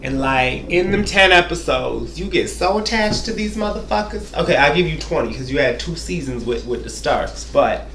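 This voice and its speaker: A man's voice: a little high, lively intonation, moderate pace, vocal fry, a bit bright, reverberant. A man giving a sassy, profane, rambling comedic TV recap, talking straight to the viewer.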